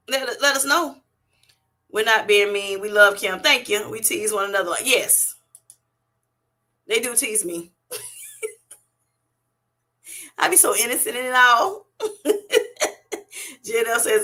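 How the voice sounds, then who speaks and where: Bright-voiced woman hosting a laughing live chat. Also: a little high, measured pace, long pauses. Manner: animated, laughing often, reading chat comments aloud. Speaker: livestream host. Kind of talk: casual livestream chat. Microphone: webcam or streaming setup.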